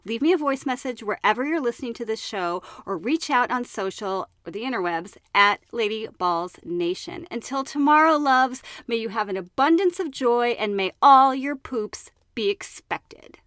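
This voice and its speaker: A bubbly woman hosts her own podcast, chatting in a playful, profane way. Her voice sits a bit high. The sound is dry and close, with no room echo. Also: expressive, normal speed, few pauses, fairly bright tone. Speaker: podcast host. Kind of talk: solo podcast monologue with a read-aloud excerpt.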